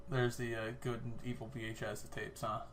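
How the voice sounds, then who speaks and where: A man's voice: medium pitch, flat delivery, normal speed. Chatty man laughing on a podcast. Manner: chatty, laughs often, thinks aloud. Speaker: podcast co-host. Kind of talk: casual chat.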